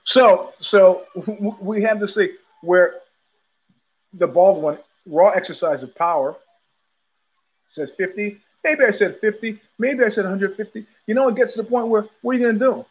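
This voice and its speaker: A man's voice: sits high, moderate pace, breathy edge, highs cut off. A man hosting a podcast, telling a casual rambling story with many restarts and repetitions. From United States. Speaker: podcast host.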